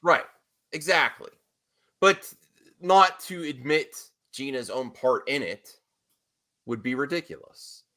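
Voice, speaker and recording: A man's voice: mid-range voice, expressive, slow, long pauses, sharp tone. A man hosting a casual panel chat, talking in an opinionated way with emphatic repeats.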